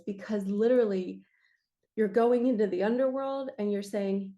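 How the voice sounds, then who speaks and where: A woman giving a passionate, emphatic spiritual reading to her viewers, her throat raspy from talking. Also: on the high side, steady tone, moderate pace, warm tone. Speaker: spiritual reader and coach. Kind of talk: earnest spiritual talk to viewers.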